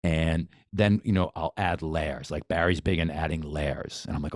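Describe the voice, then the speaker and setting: A man with a low, deep voice talks shop as a boxing coach on a podcast. He is eager and repeats himself, circling back and restarting sentences. The sound is close and dry, with no room around it. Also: moderate pace, few pauses, dry recording. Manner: enthusiastic, repeats phrases, many restarts. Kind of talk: casual podcast conversation.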